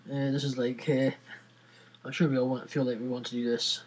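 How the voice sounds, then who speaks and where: A man's voice: medium pitch, flat delivery, brisk, heavy background noise. A Scottish man hosting a podcast, rambling in casual chat with giggles and many fillers. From Scotland. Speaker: podcast host.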